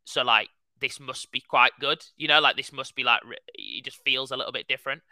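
A male podcast co-host in his twenties tells a story in casual chat, animated and packing it with "like." His medium-pitched voice is brisk, and the recording is low quality though free of echo.

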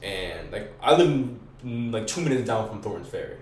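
A young man with a lowish voice tells a rambling, profane story in thick slang, voicing what he and others said. He sits some way from the mic in an echoey room, with a faint hiss underneath. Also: lively intonation, moderate pace. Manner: slangy, profane, acts out his own quotes. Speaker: podcast guest. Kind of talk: casual storytelling. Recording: roomy, distant mic, faint noise.

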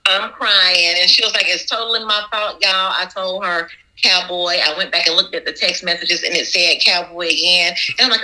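A woman from Georgia, a bakery owner as podcast guest, telling a story and acting out the dialogue with big jumps in pitch. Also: fairly even intonation, normal speed, pushed and bright, poor audio. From Augusta, Georgia. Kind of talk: animated storytelling.

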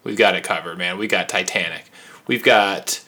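A man's voice: deep voice, bright, forceful tone, breathy edge. A man, co-hosting a casual movie podcast and cracking playful jokes and puns. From United States. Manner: jokey, playful, quick with puns and riffs. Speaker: podcast co-host.

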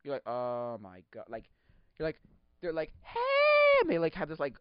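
A man hosting a podcast, chatting casually in a rambling, excitable way, laughing often and acting out quotes. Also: medium pitch, normal speed, clean tone, no echo. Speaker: podcast host. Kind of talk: casual solo chat. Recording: dull lo-fi sound.

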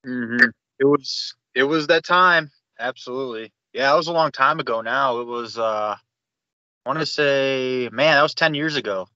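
Bright, laid-back man on dry lo-fi audio. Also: mid-range voice, normal speed, dry recording. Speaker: podcast guest. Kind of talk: casual chat.

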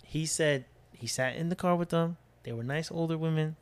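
Animated higher-voiced man telling a story. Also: normal speed, clear, resonant tone. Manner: animated, acts out friends' voices with lots of swearing. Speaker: podcast co-host. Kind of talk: casual storytelling chat.

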